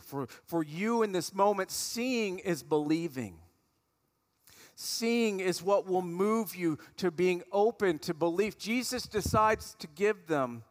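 A pastor preaches in a relaxed, conversational way, and his fairly high voice carries a long reverb through a large hall. He tells the story as if he were talking with the room. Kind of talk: sermon.

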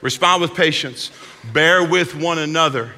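A man preaching a sermon as pastor, in a conversational, animated way, recorded in a large hall. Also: a little high, unhurried. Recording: long hall reverb.

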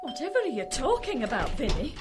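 A woman's voice: sits high, wildly swooping pitch, fast talker, very noisy. A woman playing a pompous, melodramatic middle-aged lady with a northern English accent showing through, in a comedy radio drama. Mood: tearful. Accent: northern English, slipping through. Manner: theatrical, swooping, melodramatic.

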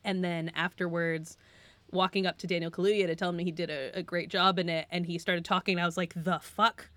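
A woman's voice: on the low side, flat delivery, brisk, a bit bright, dry recording. A woman co-hosting a casual podcast chat, talking loosely with lots of fillers and breaking into laughter often. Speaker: podcast co-host.

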